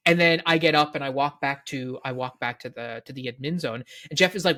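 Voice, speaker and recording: A man's voice: mid-range voice, fast talker. Chatty man with a Canadian accent. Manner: rambling, animated storytelling with many fillers. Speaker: co-host, game organizer. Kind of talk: casual podcast chat.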